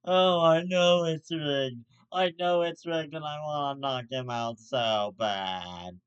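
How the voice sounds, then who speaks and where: A man voicing an aging male boxing champion who drags out his words in a slow lament. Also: on the high side, clean tone, lo-fi sound. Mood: bitter.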